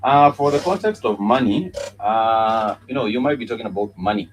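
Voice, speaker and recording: A man's voice: on the low side, expressive, normal speed, slight background noise, low-quality recording. A man with a Kenyan accent teaching a live-streamed lesson, patiently repeating words and spelling them out. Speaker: Swahili teacher.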